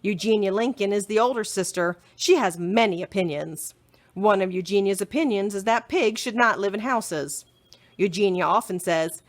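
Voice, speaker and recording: A woman librarian reading a children's chapter book aloud in an expressive storytelling manner. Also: mid-range voice, normal speed.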